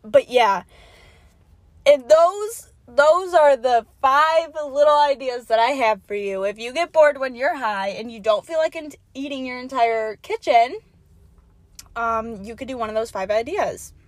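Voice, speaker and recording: Young woman podcast host, high voice, dry close sound, giggly and profane rambling chat. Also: expressive, a little slow, dry recording. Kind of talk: casual solo podcast chat. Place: parked car.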